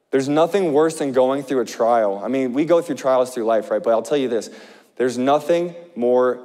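A male pastor preaching an impassioned sermon, swinging between loud urgent passages and hushed ones. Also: mid-range voice, in a large hall.

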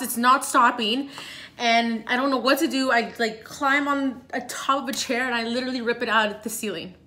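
A young woman vlogger telling a story in a casual, animated way, full of fillers and rushed retellings. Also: on the high side.

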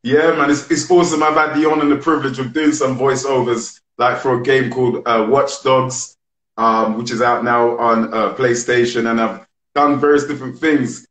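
A man's voice: medium pitch, fairly even intonation, normal speed, a bit bright. A man hosting a live interview over a video call, talking in an enthusiastic, chatty and friendly way. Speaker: interview host. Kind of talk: casual interview. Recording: roomy echoey room sound.

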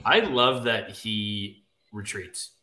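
A man's voice: on the low side, bright, forceful tone, reverberant. A man co-hosting a casual comic book discussion, playful and jokey. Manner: playful, quick to laugh and joke. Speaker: podcast co-host.

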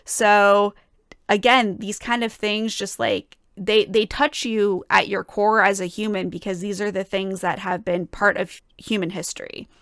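A woman's voice: medium pitch, little pitch movement, a little slow, fairly bright tone, dry recording, studio quality. A woman musician casually and enthusiastically analyzing a song as she reacts to it. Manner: enthusiastic, explanatory.

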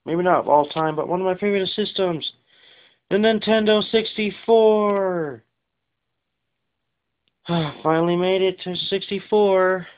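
A tired man rambling casually through his game collection, with lots of fillers and rushed asides. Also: sits high. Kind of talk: casual unscripted show-and-tell. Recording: dull lo-fi recording.

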